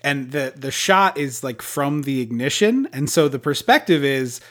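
A podcast co-host in casual movie-recap chat, telling stories in a quick, animated way with plenty of asides. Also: mid-range voice.

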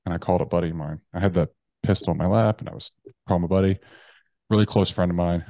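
A man, a podcast guest, telling a personal story bluntly and profanely, with halting restarts. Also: low-pitched, warm tone, dry recording. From United States. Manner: blunt and profane, with slangy address.

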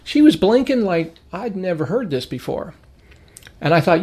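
A middle-aged man gives an informal Bible lesson in a voice pitched a touch high. He talks through his points conversationally, slipping into anecdotes and briefly voicing the people in them. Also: big pitch swings, moderate pace, slightly rough. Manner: conversational, storytelling, acts out quoted people. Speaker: Bible teacher.

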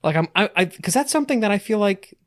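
A man's voice: high voice, expressive, fast talker. A man co-hosting a podcast, rambling in casual chat with many restarts and casual swearing. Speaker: podcast co-host.

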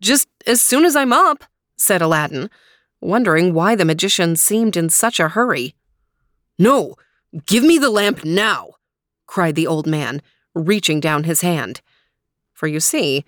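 Slow, gentle woman storyteller. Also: lowish voice, no echo, studio quality. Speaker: storyteller host. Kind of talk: storytelling podcast.

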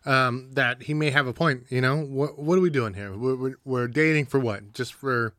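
A man's voice: mid-range voice, moderate pace, fairly bright tone, no room sound, studio quality. A man co-hosting a podcast, chatting casually about a movie, laid-back and joking, playfully dramatic.

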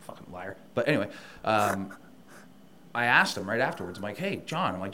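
A man guest telling a story in casual chat, animated and profane, and he gets heated. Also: fairly low pitch, normal speed, slight background noise. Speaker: podcast guest, wrestler.

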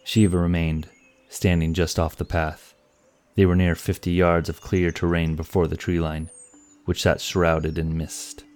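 A man narrating a fantasy story in a measured, scripted way. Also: deep voice, flat delivery, darkish tone.

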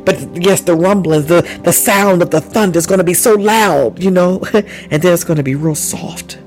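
A man's voice: high-pitched, normal speed, a little mellow, faint music behind, poor audio. A man preaching a charismatic sermon, fervent and repetitive, with bursts of praise and speaking in tongues. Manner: exclaims praise often.

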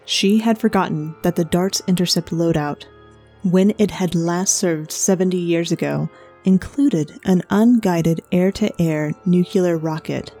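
A woman narrates a story in a measured, even manner. Her voice is low and mellow. Faint music plays under her. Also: slightly rough.

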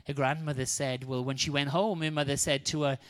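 A man's voice: mid-range voice, brisk. A man preaching a sermon, telling a healing story and acting out the people in it. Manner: animated, acts out the quoted people. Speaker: guest preacher.

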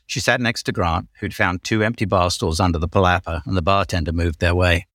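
Brief: male podcast host reading his book aloud, low voice, laughs easily, dry close sound. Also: fairly even intonation, brisk, fairly bright tone, dry recording. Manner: giggly, stumbling reader.

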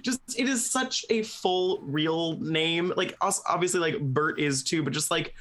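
A podcast co-host chatting casually and excitedly about a favorite book. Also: mid-range voice, a little slow. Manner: gushing and excitable. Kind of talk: casual book club chat.

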